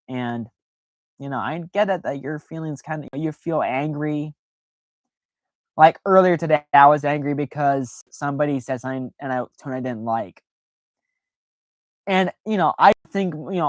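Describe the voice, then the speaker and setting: Casting: man hosting a casual livestream, rambling, filler-heavy, animated, dry close sound. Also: fairly high pitch, moderate pace, no echo. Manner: rambling, many fillers and restarts; animated, jumps into playful exaggerated quoted voices. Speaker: livestream host.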